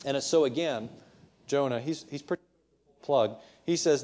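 A man's voice: mid-range voice, a little slow, pauses often, a little mellow. A male preacher giving a sermon, retelling the story conversationally with frequent restarts.

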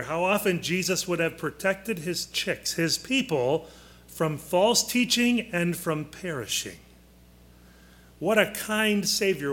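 A man teaching a Bible lesson to a class, deliberate and emphatic, pausing to quiz his listeners. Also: fairly high pitch, fairly bright tone.

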